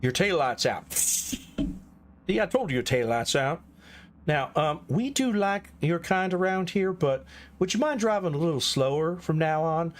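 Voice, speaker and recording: A man's voice: a little high, lively intonation, a little slow. A man voicing a polite small-town male police officer with an exaggerated Southern US accent, courteous and folksy as he scolds.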